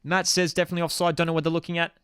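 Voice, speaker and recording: A man's voice: fairly high pitch, little pitch movement, rapid-fire, fairly bright tone, smooth, no room sound, clean studio sound. Exasperated man ranting over football. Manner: exasperated, ranting, casual slang. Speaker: host of a football watchalong stream. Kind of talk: live watchalong commentary, reading chat.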